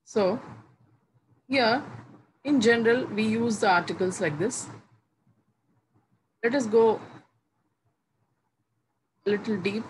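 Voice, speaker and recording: A woman teaching English grammar, explaining each rule slowly and repeating the example words one by one with pauses between phrases. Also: mid-range voice, poor audio. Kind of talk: slow, deliberate classroom explanation. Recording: faint background noise.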